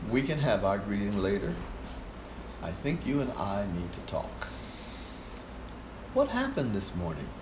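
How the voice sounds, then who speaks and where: A soft-spoken, gentle man scolds in slow, even words, as a man impersonates him while telling a story. His hushed voice rises and falls as he speaks. The room around him rings with echo. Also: fairly low pitch, background noise, voice pushed down. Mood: calm reproach. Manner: slow, measured reproach. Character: gentle calm man, quietly stern.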